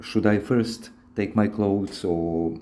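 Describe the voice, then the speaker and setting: A man's voice: fairly low pitch, steady tone, takes it slowly, warm tone, a little hiss or hum. A man hosting a podcast, giving advice in a rambling, casual, instructive monologue with frequent restarts. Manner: rambling, repeats words and restarts often.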